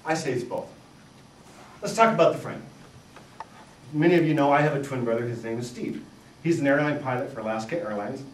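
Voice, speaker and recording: A middle-aged man giving a humorous talk before an audience, spinning animated, self-mocking stories. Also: mid-range voice, fast, reverberant, distant mic, slight background noise, rough recording. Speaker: speaker. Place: live event room with audience.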